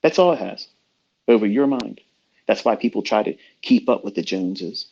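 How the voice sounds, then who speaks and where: Heated, foul-mouthed middle-aged male trading mentor, lowish voice, muffled lo-fi stream. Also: moderate pace, vocal fry, mellow, slightly rough. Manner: blunt, profane, heated. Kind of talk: ranting motivational talk. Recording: dull lo-fi online audio room.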